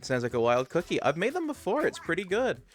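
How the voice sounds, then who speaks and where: Excitable streamer man over faint game music. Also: sits high, quick pace. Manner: chatty, excitable, talks to chat. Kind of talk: live gameplay commentary.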